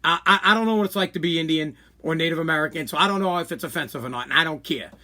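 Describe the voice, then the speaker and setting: A podcast host with a fairly high, bright, pushed male voice races through a heated opinion rant. He's blunt, swears, and repeats himself a lot.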